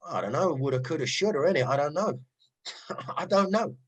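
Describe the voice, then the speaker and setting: Cockney man, middle-aged MC guest, lively storyteller in a casual interview. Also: fairly high pitch, normal speed, slightly rough, low-quality recording. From East London. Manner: animated storyteller, frequent "right?" asides. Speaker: rave MC guest.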